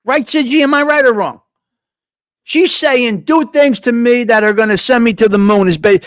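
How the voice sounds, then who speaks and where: A man's voice: very high voice, moderate pace, a bit bright, no room sound, clean studio sound. A middle-aged man hosting a live coffee-talk show, talking bluntly in a profane, ranting monologue. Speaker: host.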